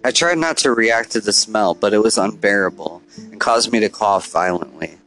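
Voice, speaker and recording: Low-voiced male storyteller. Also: moderate pace, a bit bright, soft background music, low-quality recording. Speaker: narrator. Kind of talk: first-person story narration.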